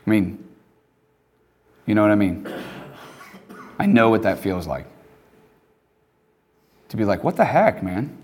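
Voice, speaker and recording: A man preaching a casual, conversational sermon in an emphatic, animated way. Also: lowish voice, takes it slowly, pauses often.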